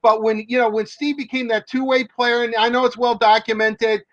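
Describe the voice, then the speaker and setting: High-voiced rambling male sports reporter. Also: level tone, moderate pace, fairly bright tone, dry recording, muffled recording. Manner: rambling, many fillers and restarts. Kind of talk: casual storytelling.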